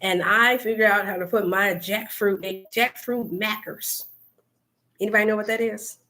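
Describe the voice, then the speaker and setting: A woman's voice: mid-range voice, steady tone, normal speed, sharp tone. A woman hosting a casual wellness livestream, talking chattily and directly to her viewers. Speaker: wellness coach and host.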